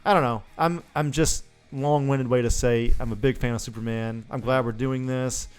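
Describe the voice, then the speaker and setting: A man's voice: medium pitch, fairly even intonation, normal speed, clean tone, soft background music. A man co-hosting a podcast in loose casual chat, swearing freely and often laughing. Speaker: podcast co-host.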